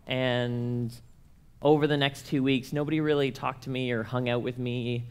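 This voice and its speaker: A man's voice: mid-range voice, moderate pace, clear, resonant tone. A young man from Canada telling a personal story to an audience, acting out the voices of the people in it. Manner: animated, acts out quoted voices. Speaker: speaker at a church conference.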